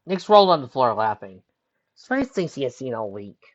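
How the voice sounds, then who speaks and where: A man's voice: medium pitch, sing-song, brisk, lo-fi sound. A man reading a pony fan story aloud, voicing each character's lines in turn. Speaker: fanfiction reader. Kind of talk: storybook narration.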